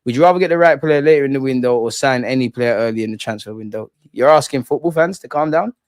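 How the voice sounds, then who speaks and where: A young man with a London accent talks football on a live stream, reading viewer comments and reacting in slangy, animated speech. His pitch is medium and his pace quick, with clean studio sound and no room echo.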